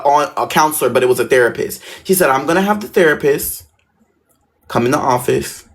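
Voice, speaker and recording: A young man telling a long personal story in a relaxed, conversational way. He slips into the voices of the people he quotes, lifting his voice and slowing down for effect, then drops back into easy narration. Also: medium pitch, creaky. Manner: animated, acts out quoted voices. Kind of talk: casual storytelling.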